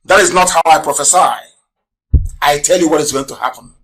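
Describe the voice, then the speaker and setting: A man hosting a live radio broadcast, firing rhetorical questions, mocking his critics and breaking into shouts. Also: fairly high pitch, brisk. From Nigeria. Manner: scornful, mocking. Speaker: broadcast host.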